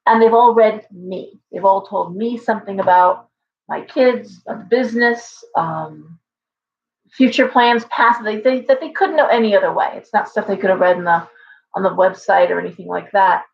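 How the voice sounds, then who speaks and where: Gravelly-voiced woman in casual livestream chat. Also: mid-range voice. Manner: rambling, storytelling with halting restarts. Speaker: shop owner hosting a live stream. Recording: dull lo-fi stream audio.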